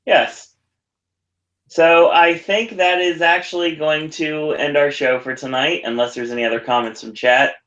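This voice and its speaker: A man hosts a podcast in casual chat, mostly adding short, dry replies and reading out comments from the chat. His voice is bright and forceful at a middling pitch. The sound is muffled and dull and carries a roomy echo. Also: fairly even intonation, unhurried. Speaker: podcast host.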